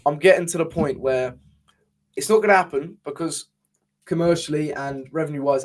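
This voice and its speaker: Speaking at a moderate pace in a fairly high voice, this young man co-hosts a casual podcast. His talk is passionate and frustrated, heavy with swearing, and he frequently restarts his sentences.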